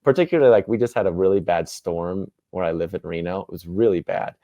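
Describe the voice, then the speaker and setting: Deep-voiced man in his thirties. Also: fast, no echo, highs cut off. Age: 30s. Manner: animated, self-deprecating, laughs often. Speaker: guest. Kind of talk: casual interview storytelling.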